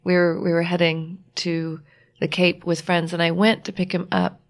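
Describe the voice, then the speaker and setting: A married woman, a guest author, telling a personal story in a reflective, halting way, often restarting and quoting what others said. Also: on the low side, little pitch movement. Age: adult, married with a child.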